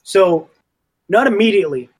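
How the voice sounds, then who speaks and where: A man with a fairly high voice plays in a tabletop game, describing his moves in a laid-back, joking way. He talks loosely and casually. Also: lively intonation, normal speed, breathy edge. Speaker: player.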